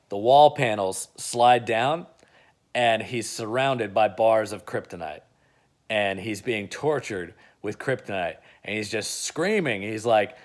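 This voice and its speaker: A man's voice: on the low side, a little slow. A man casually retelling an imagined film plot in a chatty way, with lots of "uh" and "like". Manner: chatty, with frequent "uh" and "like". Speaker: video creator.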